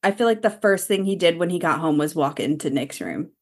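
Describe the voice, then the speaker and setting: A woman's voice: lowish voice, expressive, brisk, breathy edge. A woman co-hosting a podcast, recapping a comic in a chatty, filler-heavy way and swearing freely. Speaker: podcast co-host.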